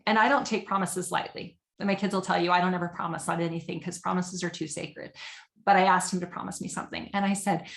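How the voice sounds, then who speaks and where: A woman's voice: on the high side, fairly bright tone, roomy sound. A woman giving a webinar presentation over a computer mic, earnest and conversational with frequent fillers.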